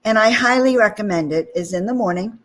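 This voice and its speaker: Speaking fairly quickly at a medium pitch, a spiritual talk channel host relates a personal experience. Her telling is animated and chatty, full of "you know" and "okay?" asides.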